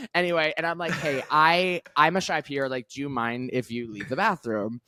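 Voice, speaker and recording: A young man co-hosting a podcast, telling a comedic story in an animated, laughing way that swoops high when excited. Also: moderate pace, hardly any pauses, dry recording. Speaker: podcast co-host.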